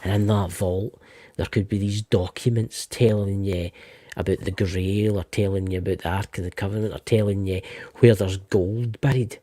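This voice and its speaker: A man's voice: deep voice, steady tone, normal speed, dark tone, no room sound. A Scottish man co-hosting a casual live stream about ghost lore, chatty and often restarting his words. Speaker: co-host. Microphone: remote live-stream call.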